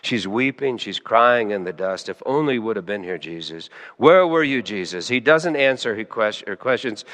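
Man preaching with soft-to-loud swings. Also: animated, moderate pace, hardly any pauses, long reverb tail. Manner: emotional, swings between soft hushed lines and sudden loud high emphasis. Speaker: pastor. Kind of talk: sermon.

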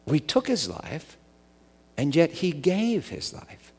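Storytelling middle-aged pastor in a hall. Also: male voice, fairly high pitch, slow pace, breathy edge. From United States. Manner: storytelling, swinging between loud excitement and soft hush. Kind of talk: sermon. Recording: long hall reverb.

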